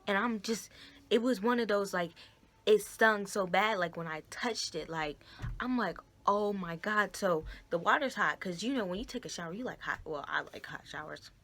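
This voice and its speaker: A woman's voice: medium pitch, normal speed, fairly bright tone. A woman vlogger telling a story casually to her camera, chatting directly with her viewers as y'all and guys, recorded on a phone camera.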